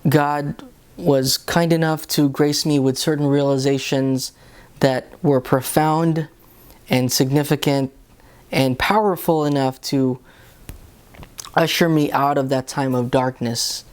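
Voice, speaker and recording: A man's voice: medium pitch, fairly even intonation, slow, smooth. A man giving an earnest, casual Bible reflection, speaking conversationally and often restarting his sentences. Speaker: lay reflection host.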